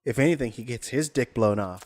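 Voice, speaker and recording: A man's voice: medium pitch, brisk, a little mellow. A man from the United States co-hosting a casual podcast chat, rambling and joking, often slipping into silly voices. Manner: jokey, rambling, drops into silly put-on voices. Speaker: podcast co-host.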